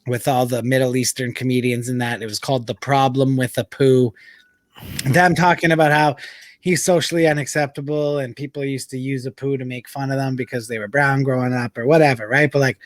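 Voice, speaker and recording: A man hosting a casual sports chat with friends, loud and profane, joking his way through the banter and reading an ad spot. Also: medium pitch, dry recording. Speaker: podcast host.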